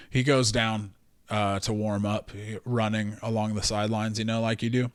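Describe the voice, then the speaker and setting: A man's voice: on the low side, normal speed, no room sound, clean studio sound. A man hosting a podcast, telling a story casually with lots of fillers and swearing. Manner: profane, animated storyteller with many fillers. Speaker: podcast host.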